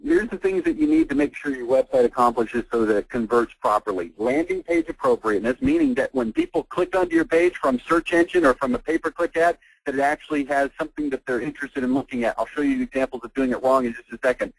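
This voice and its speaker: A man giving a fired-up, blunt sales pitch as host of a marketing webinar on an online call. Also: expressive, quick pace, creaky, hardly any pauses, slightly rough, no echo, rough recording. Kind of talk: persuasive sales presentation.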